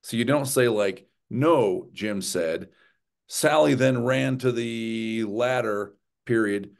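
A man's voice: medium pitch, slow, vocal fry. A man presenting a writing workshop in a conversational lecture style, often checking in with his listeners. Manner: animated, often checks in with "right?" and "okay?".

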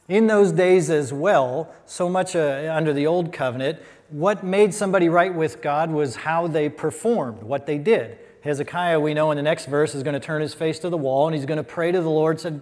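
A somewhat high-voiced American man preaches a Bible lesson in a conversational, emphatic way. He adds dry asides. His voice carries a long reverb from a church hall. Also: moderate pace, hardly any pauses, darkish tone. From United States. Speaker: pastor. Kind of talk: sermon Bible teaching.

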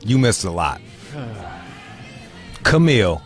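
A man's voice: on the low side, big pitch swings, extremely slow, faint music behind. Rambling, profane male podcast host. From Michigan. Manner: rambling, profane, restarts a lot. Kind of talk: casual profane banter.

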